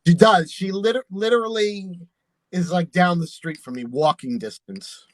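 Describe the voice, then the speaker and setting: A man's voice: high-pitched, normal speed, no echo, rough recording. A man, a drag performer and channel host, chatting casually while doing makeup and laughing often.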